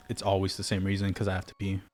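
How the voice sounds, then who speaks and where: A man's voice: low voice, completely flat delivery, fast talker, a little mellow. A young man, a podcast co-host, chatting playfully and laughing, sometimes slipping into silly voices. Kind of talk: casual chat. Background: background music.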